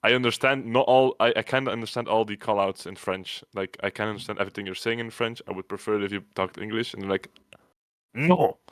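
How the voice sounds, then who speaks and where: A man with a low voice rambles through a gaming story on a podcast call, jumping into quick impressions of teammates. The sound is dry and close, with no room around him. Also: fairly even intonation, fairly bright tone, clear, resonant tone, no echo. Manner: rambling storyteller, mimics players mid-story. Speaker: podcast co-host. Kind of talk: casual gaming chat. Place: online voice call.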